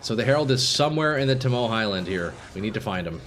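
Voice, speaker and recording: A man streaming live gameplay, commenting casually to his viewers and swinging from calm explanation to excited shouting. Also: lowish voice, quick pace, slight background noise. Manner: casual, profane, addresses chat as boys.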